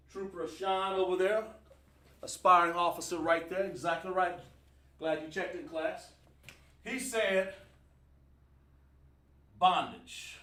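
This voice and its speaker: A man's voice: sits high, a bit bright. A man teaching a livestreamed scripture class, emphatic and quizzing his online audience. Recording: roomy sound from a distant mic.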